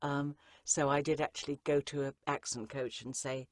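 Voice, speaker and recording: Low-voiced chatty woman narrator. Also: moderate pace, dry recording, clean studio sound. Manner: chatty, lively, frequent ums and asides. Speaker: audiobook narrator, guest. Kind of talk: conversational interview answers.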